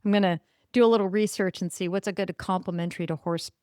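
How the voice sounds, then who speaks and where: A woman's voice: mid-range voice, fairly even intonation, quick pace, darkish tone, smooth, no room sound, clean studio sound. A woman hosting her own podcast, talking casually and with enthusiasm, rambling a little and correcting herself as she goes. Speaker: podcast host. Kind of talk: casual solo podcast monologue.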